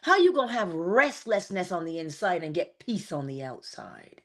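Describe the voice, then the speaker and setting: Animated woman giving a spiritual talk. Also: on the low side, moderate pace, few pauses. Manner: animated preacher-like delivery with laughs and asides. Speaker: host of a morning inspiration livestream. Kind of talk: spiritual talk and livestream greetings. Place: home, early morning.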